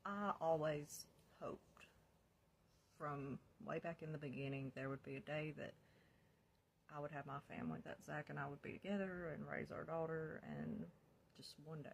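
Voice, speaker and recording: A woman's voice: sits low, fairly even intonation, moderate pace, gravelly, slight background noise. Candid woman telling her own story. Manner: candid, swears freely, laughs often. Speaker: vlogger sharing her recovery story. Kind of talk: casual personal storytelling.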